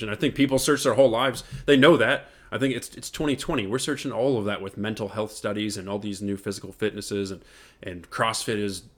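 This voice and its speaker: A man co-hosts a casual faith podcast in a somewhat low voice. He is earnest and reflective and laughs easily as he speaks. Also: fairly bright tone. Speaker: podcast co-host.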